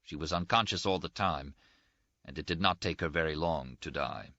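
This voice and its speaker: A male audiobook narrator with a very low yet bright, forceful voice, reading a novel in a steady, measured way. The recording is dry, close and a little dull. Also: no echo. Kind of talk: scripted literary narration.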